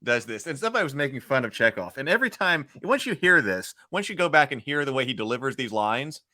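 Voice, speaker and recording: A man hosting a casual film discussion podcast, chatty and quick to laugh. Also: medium pitch, big pitch swings, bright, forceful tone. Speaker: podcast host.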